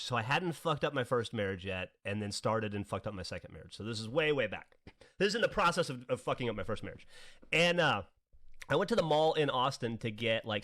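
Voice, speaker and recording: A man in his forties tells a rambling anecdote to his co-host, his voice rising and dropping through a lively, expressive range. He laughs, curses freely and acts out the other people in the story. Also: mid-range voice. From American South. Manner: animated, laughing, swearing, acts out quoted people. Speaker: podcast co-host. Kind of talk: casual storytelling.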